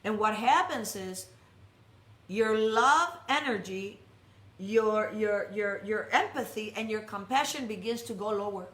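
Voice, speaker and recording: A woman giving a sermon to a congregation, telling stories in an animated, jokey way, often restarting her sentences. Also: mid-range voice, measured pace. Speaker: speaker at a congregation. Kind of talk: storytelling sermon. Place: worship hall. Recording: echoey hall.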